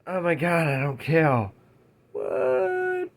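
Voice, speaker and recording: A man talking about a movie he loves in a casual, excitable rant, swearing freely and laughing as he talks. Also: medium pitch, takes it slowly. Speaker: movie reviewer.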